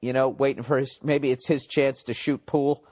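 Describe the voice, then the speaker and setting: A man's voice: medium pitch, little pitch movement, normal speed, a little mellow. A man hosting a comedy podcast, rambling profanely and mocking listener emails, his voice a little cracked. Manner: profane, sarcastic, reads listener emails aloud. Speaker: podcast host.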